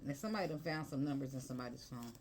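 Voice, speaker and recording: A woman's voice: rumbling low, very fast, heavy background noise. A woman giving a casual tarot reading, chatty and slangy, breaking into bits of song and laughter. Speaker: tarot reader.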